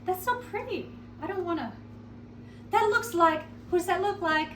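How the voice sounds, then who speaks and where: A woman's voice: extremely high pitch, animated, a little slow, long pauses. A woman filming a casual home cooking video, chatting and joking with herself as she works in her kitchen. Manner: chatty, self-mocking, talks to herself while cooking. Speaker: cooking vlogger. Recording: clear kitchen noise behind. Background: clattering dishes and pans.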